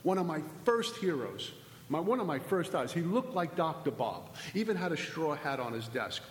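A man's voice: on the high side, big pitch swings, normal speed, a little hiss or hum. A middle-aged man speaks fervently in a slightly raised voice, hammering points home with repetition and rhetorical questions. His talk rings through a hall with a long, roomy reverb. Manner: emphatic, preachy, repeats phrases and rhetorical questions. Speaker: speaker at a recovery meeting. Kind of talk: impassioned recovery talk.

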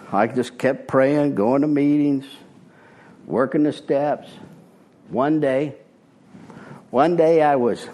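A man's voice: medium pitch, darkish tone. An older man giving a personal testimony talk at a recovery meeting, blunt and plainspoken. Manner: blunt, plainspoken, street-wise.

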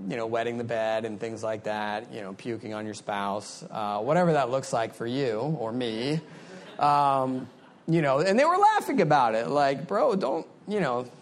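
A middle-aged man talking candidly and loosely, full of "like" and "you know". His voice sits at an ordinary mid pitch. He speaks in a relaxed, conversational way. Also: a little slow. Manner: candid, conversational, many fillers. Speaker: speaker sharing recovery story. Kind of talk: personal storytelling.

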